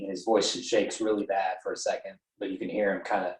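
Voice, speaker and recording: A man's voice: sits low, flat delivery, fairly quick, reverberant, rough recording. A man narrating a tabletop game as game master, loose and hesitant with many fillers.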